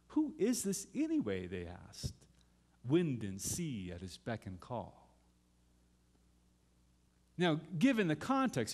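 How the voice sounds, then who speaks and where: A middle-aged man preaching a sermon as pastor, dramatically reading scripture and acting out pleas to God. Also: lowish voice.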